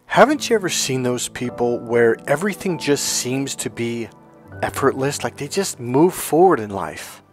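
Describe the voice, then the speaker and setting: Male self-help speaker, mid-pitched, lively storyteller, faint music under him. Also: moderate pace. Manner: animated and conversational, acts out quotes. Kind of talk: motivational talk with personal stories.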